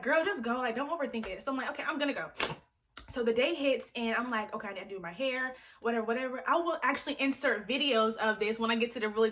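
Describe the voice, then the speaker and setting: Bright-voiced chatty teenage girl. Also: on the high side. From Liberian family. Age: teens. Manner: chatty, animated, full of "like" and acted-out quotes. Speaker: vlogger. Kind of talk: storytime vlog.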